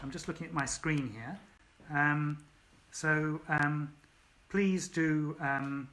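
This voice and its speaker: A man's voice: a little high, bright, forceful tone. A man, an author, reading his story aloud and then chatting casually with viewers on a home livestream, full of ums. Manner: chatty, many ums, thanks viewers by name. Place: at home during lockdown.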